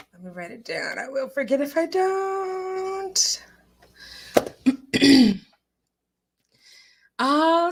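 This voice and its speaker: A tipsy woman casually chatting on a livestream in an echoey room at home, giggling and greeting viewers. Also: high voice. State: a little tipsy. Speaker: livestream host.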